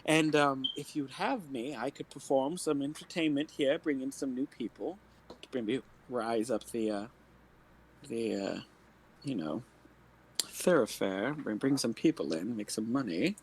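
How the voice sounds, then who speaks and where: A man's voice: mid-range voice, a little slow, a little hiss or hum, poor audio. A man playing a bard in a tabletop game, speaking in flowery, theatrical compliments. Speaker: player.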